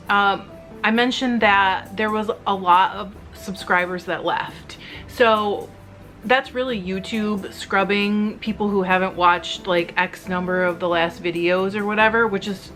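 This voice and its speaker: A middle-aged woman who makes fiber arts videos, chatting candidly and emotionally with viewers while she spins, rambling with quick asides and a slightly teary edge. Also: mid-range voice, a bit bright. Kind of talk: casual chat to viewers while spinning.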